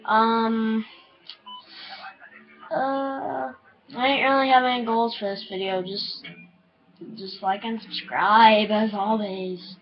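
A young woman commentating her own shooter gameplay, swinging between easy chatter and yelling and swearing at other players. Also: on the high side, slow, pauses often, faint music behind. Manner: excitable, yelling and swearing at opponents. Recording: dull lo-fi sound.

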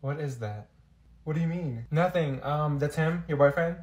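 A man performing short comedy skits, switching quickly between several schoolgirl characters and breaking into sassy shouted outbursts. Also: fairly high pitch. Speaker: comedy sketch creator.

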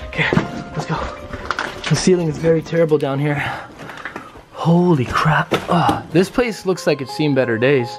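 A young man with a fairly high voice hosts a nervous ghost-hunt vlog from the basement of a run-down house, speaking at a normal speed over music. He repeats himself and addresses viewers directly.

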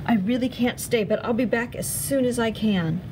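A woman's voice: fairly high pitch, moderate pace, background noise, pitched above the performer's own voice, close to an everyday voice. A woman reading as a timid young girl. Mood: nervous. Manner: hesitant, nervous.

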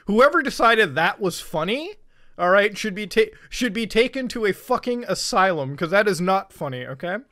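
High-voiced, profane streamer man. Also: lively intonation, moderate pace, pushed and bright. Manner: profane, emphatic, sarcastic; tags lines with "okay?" and "all right?". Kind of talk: casual live-stream rant.

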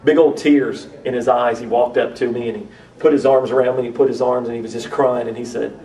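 Man, missionary, mellow gravelly voice, earnest testimony with restarts, heard from a distance. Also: medium pitch, steady tone, brisk. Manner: earnest, repeats and restarts phrases. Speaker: missionary to urban youth. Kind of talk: testimony storytelling. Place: church conference.

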